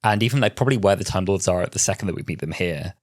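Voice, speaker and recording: This twenties-aged podcast co-host talks very fast and animatedly in a low voice, working through sincere, strongly held opinions as he thinks out loud in casual conversation. The sound is dry and studio-clean.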